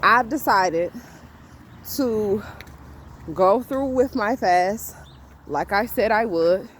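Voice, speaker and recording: A woman's voice: medium pitch, slow, a little hiss or hum. A woman vlogging on a street, giving casual spiritual advice with emphatic repetition and frequent laughter. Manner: emphatic, repeats herself, laughs often. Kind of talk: casual faith talk to camera. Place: outdoors on a street.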